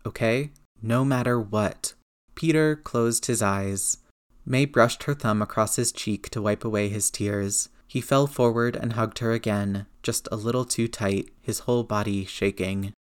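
A man narrating a story aloud in a steady, measured reading voice. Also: fairly low pitch, clean tone.

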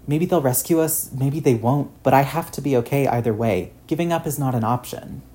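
A man's voice: mid-range voice, brisk, mellow, pitched above the performer's own voice, natural voice. A man voicing an earnest, shaken teenage boy hero who stammers and restarts his sentences.

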